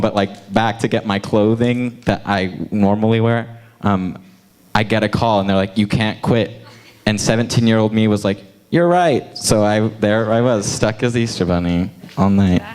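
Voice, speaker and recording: A man's voice: lowish voice, a little mellow, clean tone. A young man telling a funny, self-mocking story to a youth group. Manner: chatty, self-mocking, laughs.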